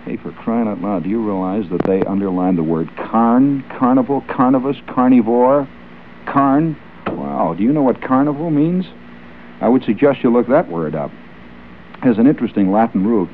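A man's voice: mid-range voice, expressive, normal speed, a little hiss or hum. Man, radio host, wry joking patter, tinny old broadcast sound. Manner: wry, joking, chuckling asides. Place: radio studio.

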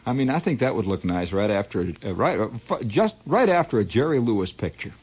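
Animated, husky-voiced male storyteller. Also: fairly low pitch, fairly quick. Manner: animated, dramatic, with sound effects. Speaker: comedian. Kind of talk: comic storytelling monologue. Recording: dull lo-fi recording.

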